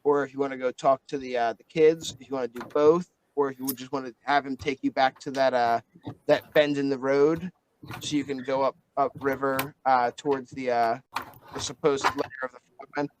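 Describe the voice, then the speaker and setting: A man's voice: medium pitch, fairly even intonation, a little fast, slight background noise, low-quality recording. A man narrating as game master in a casual tabletop game, with fillers and swearing.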